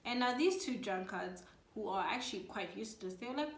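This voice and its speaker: A woman hosting her own channel, casually and jokingly retelling a play's plot in slangy asides, slipping into quick voices for the characters. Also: medium pitch, lively intonation, reverberant. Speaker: channel host. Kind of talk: comedic casual plot summary.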